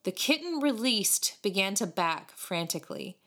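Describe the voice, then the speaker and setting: A woman reading a storybook aloud in an expressive, animated way. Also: mid-range voice, moderate pace. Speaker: audiobook reader. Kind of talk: storybook narration.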